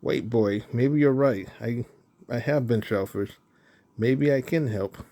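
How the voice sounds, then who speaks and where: A proud, lazy lion king from a children's storybook, lordly and gruff, as the man reading puts him on. He speaks in a low, mellow voice. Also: takes it slowly.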